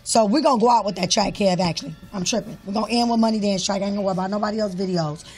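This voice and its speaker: A radio host casually giving shout-outs and closing the show. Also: medium pitch, racing.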